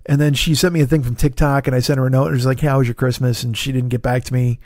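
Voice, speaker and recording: A middle-aged man hosting his podcast alone, with a hoarse, tired throat, rambling casually with profane, self-deprecating asides. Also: medium pitch, level tone, racing, darkish tone, no echo, clean studio sound. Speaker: podcast host. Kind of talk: casual solo podcast chat. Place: home studio in Los Angeles.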